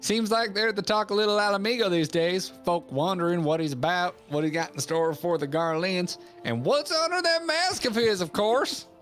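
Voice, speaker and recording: A man voicing a rough, gossipy male townsman in a put-on rustic accent for a game read-along. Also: sits high, moderate pace, few pauses, a bit bright, soft background music, pitched above the performer's own voice.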